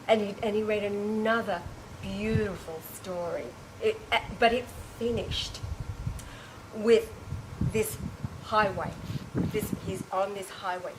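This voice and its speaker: A woman telling an emotional personal anecdote to a small group, animated and exclamatory, with frequent restarts and laughing or tearful breaks. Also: medium pitch, takes it slowly, background noise. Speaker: storyteller recounting an experience to a small group.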